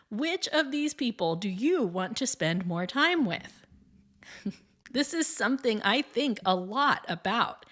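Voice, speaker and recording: A woman's voice: on the high side, a bit bright. A woman hosting her own podcast in a scripted monologue, chatty and upbeat, with frequent light laughs. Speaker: podcast host and piano teacher.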